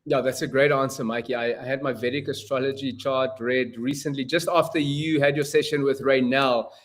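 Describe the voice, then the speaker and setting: A man from South Africa with a South African accent, a guest in a casual conversation who speaks in a measured, agreeable way and repeats his phrases. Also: mid-range voice, fairly even intonation. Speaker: guest, performance consultant.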